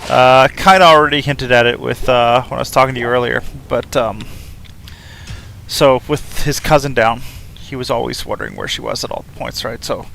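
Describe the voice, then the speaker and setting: A man's voice: mid-range voice, a little fast, gravelly, few pauses, bright, forceful tone, a little hiss or hum. A man in his thirties chatting casually on a game live stream, rambling loosely with lots of fillers and restarts.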